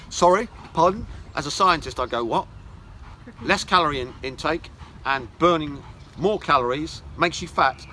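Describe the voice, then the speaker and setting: A man's voice: a little high, pushed and bright, a little hiss or hum. A man giving a mocking lecture, reading articles aloud with scornful, sarcastic asides. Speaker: esoteric teacher.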